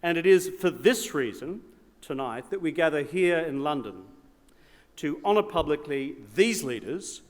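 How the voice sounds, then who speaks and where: A man's voice: a little high, expressive, a little slow. Aussie guy doing a big speech, repeats lines for effect, long echo from the hall. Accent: Australian. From Australia. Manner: rhetorical, building repetition. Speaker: speaker. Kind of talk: formal speech with asides. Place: large hall at an evening event.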